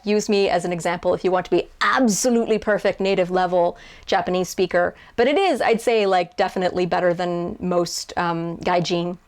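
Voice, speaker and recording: A young woman translator casually answering viewer questions to camera, chatty and self-deprecating, with frequent fillers and restarts. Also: fairly low pitch. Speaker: YouTuber and translator.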